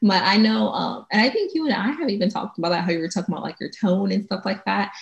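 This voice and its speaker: A woman co-hosting a casual podcast chat, laughing often and animated when she acts out what others say, recorded at home. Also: mid-range voice, quick pace, gravelly, echoey room, dull audio. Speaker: podcast co-host. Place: home with traffic noise outside.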